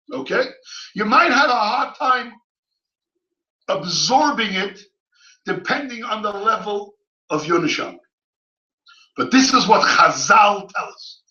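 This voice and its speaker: High bright rabbi, yeshiva english w/ hebrew words, goes from quiet to crying shouts, echoey hall, kinda far + muffled. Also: male voice, lively intonation, a little slow, long pauses. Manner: swells from quiet teaching to crying, shouted pleas; Yiddish-inflected yeshiva English with Hebrew terms. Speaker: rabbi giving a Torah lecture. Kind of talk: impassioned sermon. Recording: echoey hall, mic at a distance, dull sound.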